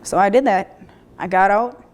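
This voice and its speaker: A woman in her thirties telling her own story of recovery, speaking candidly with halting restarts and repeated phrases. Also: mid-range voice. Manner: plainspoken, occasional mild swearing. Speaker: person sharing a recovery story. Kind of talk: personal testimony, candid and conversational.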